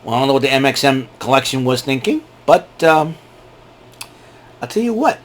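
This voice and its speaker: A man's voice: mid-range voice, normal speed. A man giving a casual, rambling wrestling recap and often laughing at his own jokes. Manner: animated, rambling, laughs a lot. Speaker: wrestling show reviewer.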